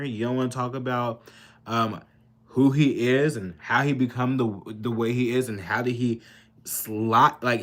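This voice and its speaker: A man's voice: mid-range voice, a bit bright. A man giving an angry, profane political rant, repeating himself and building into heated outbursts. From Kentucky, US. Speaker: political vlogger.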